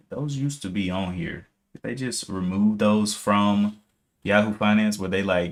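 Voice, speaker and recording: A man's voice: lowish voice, moderate pace. A man streaming live day trading, casually thinking aloud, reading out viewer comments and correcting himself as he checks charts.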